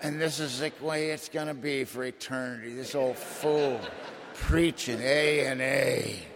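A man tells his recovery story in a dramatic, folksy, emphatic way. He has an average pitch for a man. His voice carries through a meeting hall with long reverb. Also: fairly even intonation, unhurried, background noise. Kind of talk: personal testimony storytelling.

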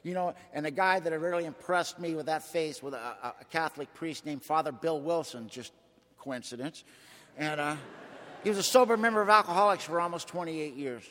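A man's voice: fairly high pitch, a little fast, pushed and bright. An older man speaking at a recovery meeting, with a folksy, colloquial way of talking that swells with emotion. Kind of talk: personal testimony talk. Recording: echoey hall.

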